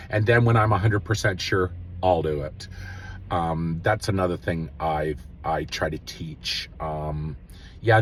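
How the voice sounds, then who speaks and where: A man hosting his own show, giving earnest spiritual self-help advice in a casual way, with many pauses and fillers. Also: low-pitched, fairly bright tone, slight background noise. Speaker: host.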